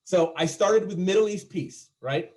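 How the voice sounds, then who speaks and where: A man's voice: high voice, unhurried, a little mellow. A man doing a stand-up comedy set over a video call, chatting and joking with his audience in a self-deprecating way.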